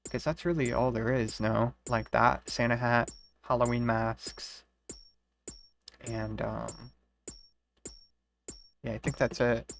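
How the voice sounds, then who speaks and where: Gravelly dry streamer rambling at chat, mid pitch, kinda monotone. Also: slow pace, long pauses, faint music behind. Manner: rambling, profane, talks to chat. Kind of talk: casual live-stream chat.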